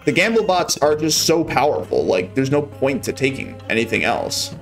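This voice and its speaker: A man's voice: mid-range voice, very animated, normal speed, faint music behind. A young man casually commenting on gameplay on a live stream, wry and a bit exasperated.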